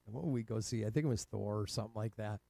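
Gravelly, mellow-voiced man telling a rambling story. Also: fairly low pitch, fast, dry recording. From Cleveland, Ohio. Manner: rambling, profane, laughs often. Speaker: guest telling his life story. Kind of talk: casual storytelling.

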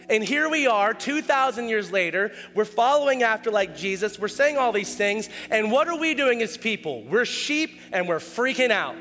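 A man preaches with a high, bright voice and an animated, casual delivery, and he often acts out quoted dialogue with a raised voice. His words ring with long reverb, and faint music plays beneath them. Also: moderate pace, few pauses. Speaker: pastor. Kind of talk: sermon.

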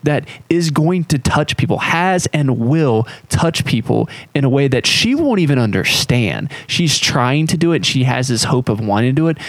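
A man's voice: medium pitch, lively intonation, normal speed, few pauses, no echo. An American man hosting a podcast, talking casually and earnestly, with lots of fillers. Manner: earnest and reflective, filler-heavy. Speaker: podcast host.

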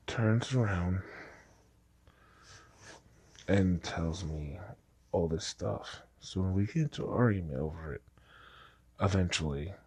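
A man's voice: low-pitched, vocal fry, a bit bright, breathy edge, no room sound. A man casually telling a personal story, rambling and restarting his sentences. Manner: rambling, repeats himself with false starts.

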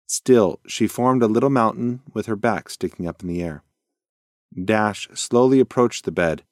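A man reading a children's bedtime story aloud in a gentle, lively storytelling way. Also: fairly low pitch, moderate pace, dry recording, studio quality. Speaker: narrator.

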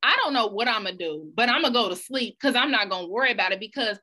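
A woman's voice: on the high side, quick pace. A woman with children telling stories in a casual chat, acting out the people she quotes. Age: adult with children. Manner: animated storyteller, acts out quoted voices.

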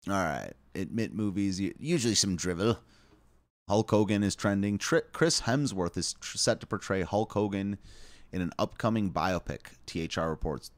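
Deep-voiced man hosting a live stream. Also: moderate pace, no room sound. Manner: offhand, wry, reads aloud with asides and chuckles. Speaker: live show host. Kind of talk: casual live-stream commentary reading headlines.

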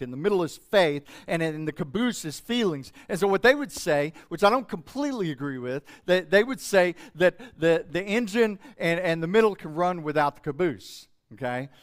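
Emphatic preaching man, fairly high voice. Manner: emotional, emphatic preaching with rising and falling delivery. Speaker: pastor. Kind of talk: sermon.

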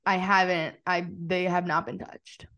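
A woman co-hosting a podcast, chatting casually in an animated, emphatic and jokey way. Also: fairly low pitch, measured pace, clean tone. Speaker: podcast co-host. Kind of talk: casual chat.

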